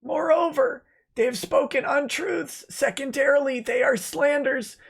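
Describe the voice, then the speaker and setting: A man's voice: extremely high pitch, steady tone, measured pace, creaky, fairly bright tone, voice pushed up, heavily acted. A man putting on a mocking voice of a pompous, self-important male lawyer, with an overblown, declaiming delivery.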